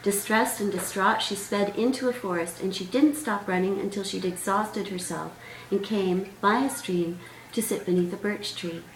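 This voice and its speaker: A woman author reading aloud from her own storybook in a gentle, measured way. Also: mid-range voice, fairly even intonation, a little hiss or hum. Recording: roomy sound, distant mic, faint music.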